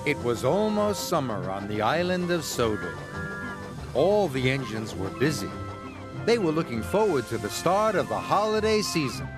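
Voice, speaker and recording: Expressive male storybook narrator. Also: medium pitch, normal speed. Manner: expressive, gently dramatic. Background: music.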